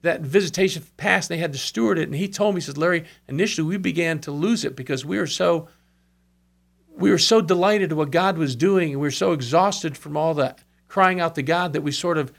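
Earnest and fairly quick, this man has a gravelly voice on the high side. He shares revival stories conversationally, quoting other people and adding short asides.

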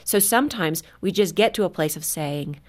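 A woman's voice: fairly low pitch, moderate pace. A middle-aged woman telling a faith story in a casual talk, laughing often and acting out what people said. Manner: animated storyteller, laughs often, acts out quotes. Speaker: guest.

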